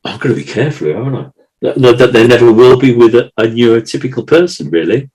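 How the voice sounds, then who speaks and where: A man's voice: mid-range voice, animated, fast, a little mellow, rough recording. A man co-hosting a podcast, talking in an emotional, rambling way with many restarts and repeated words. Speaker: podcast co-host. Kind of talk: casual chat.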